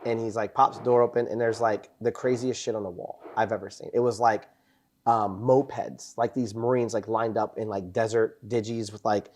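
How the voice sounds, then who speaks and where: A man's voice: fairly low pitch, steady tone, normal speed, a little mellow, a little hiss or hum. A young man hosting a casual chat, telling rambling, profane war stories full of "bro" and "dude". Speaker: podcast host, former Marine.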